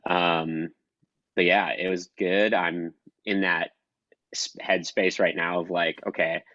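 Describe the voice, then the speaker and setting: Woman cohost, real low voice, muffled dry recording, kinda rambly with little laughs. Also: little pitch movement, slow, fairly bright tone, dry recording. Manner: rambling, laughs between thoughts. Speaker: podcast co-host. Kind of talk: casual chat among friends.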